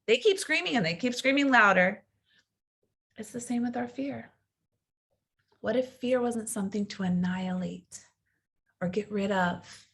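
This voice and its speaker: A woman's voice: fairly high pitch, expressive, normal speed, creaky, long pauses, a bit bright, breathy edge. A woman in her thirties, a coach giving an earnest, reflective teaching talk and sometimes acting out the inner voice of fear.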